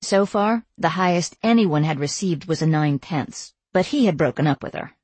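A woman narrating a first-person audiobook in an even storytelling voice with wry asides. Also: low-pitched, moderate pace, few pauses, husky, no echo.

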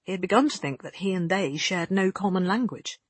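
An audiobook narrator reading a story in a measured, even way. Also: mid-range voice, breathy edge, dry recording. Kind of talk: scripted narration.

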